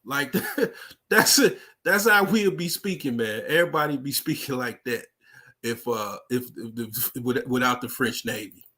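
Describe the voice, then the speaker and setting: A man's voice: medium pitch, normal speed, bright, forceful tone. An American man talking in a casual, rambling monologue, full of fillers and profanity. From United States. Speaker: vlogger.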